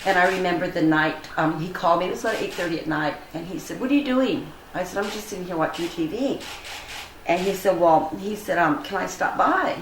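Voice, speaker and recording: An older woman telling a personal story in an interview, earnest and animated, acting out the dialogue she quotes. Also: fairly low pitch, fast talker. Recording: roomy echo, faint ambient noise.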